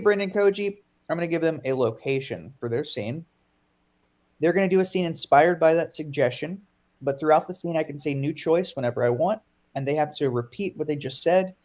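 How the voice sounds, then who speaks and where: A man hosting a live online improv comedy show, explaining the games in a relaxed way with many fillers, over a video call. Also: on the high side.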